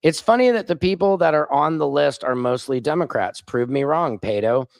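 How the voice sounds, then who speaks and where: A man's voice: a little high, animated, normal speed, vocal fry, no room sound. A man hosting a casual political livestream, reading viewer comments aloud and mocking and taunting his critics. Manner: combative, mocking, reads chat comments aloud. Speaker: livestream host.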